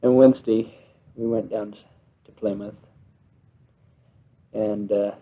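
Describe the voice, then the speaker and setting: A man's voice: lowish voice, steady tone, takes it slowly. Young man on an old home tape. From United States. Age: young adult. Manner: chatty, homesick, laughs often. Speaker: missionary recording a letter home. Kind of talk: spoken letter on tape. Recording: lo-fi 1960s home tape, phone-like band.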